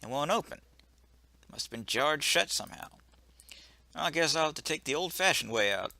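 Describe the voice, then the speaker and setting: A man voicing a sardonic gentleman cat burglar in a put-on British accent, deadpan and wry, for a video game. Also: a little high, moderate pace, gravelly, no room sound, exaggerated voice. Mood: dry. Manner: dry, deadpan, wry asides. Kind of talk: video game voice-over reading.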